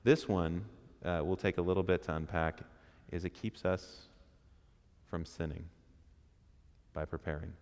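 Deep-voiced man preaching in a hall. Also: steady tone, measured pace, darkish tone. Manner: conversational, asks the room questions, acts out quotes. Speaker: speaker at a men's church group. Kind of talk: interactive sermon with questions to the audience. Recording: reverberant hall.

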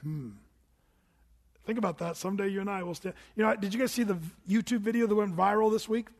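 A man's voice: high-pitched, fast talker. Man, pastor, conversational sermon, questions to the congregation, reverberant church hall. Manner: conversational storytelling preaching, asks the congregation questions.

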